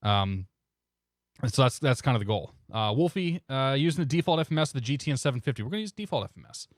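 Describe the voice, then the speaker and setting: A man streaming a flight simulator, chatting casually and in a relaxed way with viewers, often chuckling. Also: mid-range voice, fast, dry recording, clean studio sound. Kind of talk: casual live-stream chat.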